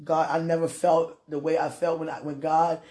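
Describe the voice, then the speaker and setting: A woman speaking a heartfelt, tearful prayer and personal message, halting between soft laughs and sighs. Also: low voice, flat delivery.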